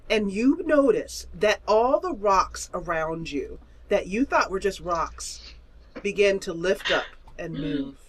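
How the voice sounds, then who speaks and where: A woman's voice: medium pitch, expressive, slow pace, breathy edge. A woman narrating as game master of an online tabletop game, chatty and laughing, with many fillers.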